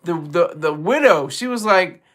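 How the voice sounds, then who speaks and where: Male streamer host, high and bright, animated casual commentary with lots of restarts. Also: measured pace. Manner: animated, repeats and restarts phrases.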